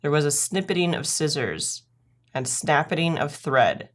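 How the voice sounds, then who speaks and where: A woman reading a classic children's story aloud, gentle and expressive, lifting her voice into sing-song for the rhymes. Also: low-pitched, moderate pace.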